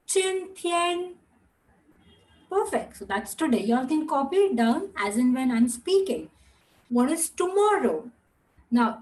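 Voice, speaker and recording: A woman's voice: a little high, a little mellow, rough recording. A woman with an Indian accent teaching a language class, patiently repeating words and asking students to repeat after her. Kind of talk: online class lesson.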